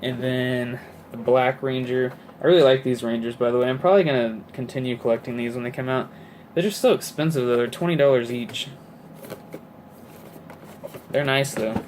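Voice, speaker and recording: A man's voice: medium pitch, steady tone, moderate pace, darkish tone, a little hiss or hum. A man of twenty-eight chatting casually about his toy collection, rambling with many fillers and asides. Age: 20s. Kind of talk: casual chat.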